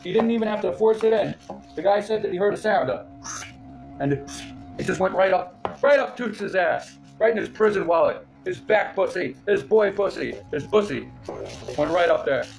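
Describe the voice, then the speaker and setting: A middle-aged man with a gravelly, fry-edged voice rambles through a crude, mocking story, stopping and restarting often. Faint music plays behind him. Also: high voice, expressive, normal speed. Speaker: channel host. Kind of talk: casual rambling storytelling to camera.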